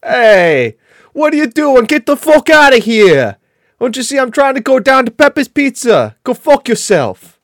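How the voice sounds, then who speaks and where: A man voicing a hot-tempered New York street guy as a loud, exaggerated comic impression. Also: extremely high pitch, big pitch swings, extremely slow, hardly any pauses, dry recording, studio quality, pitched above the performer's own voice, heavily acted. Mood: angry.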